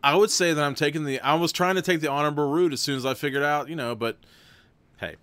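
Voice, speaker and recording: A man's voice: a little high, fast, fairly bright tone, clean tone, no room sound. A man hosting a live stream, narrating a gamebook and breaking off into rambling, chatty asides with frequent restarts.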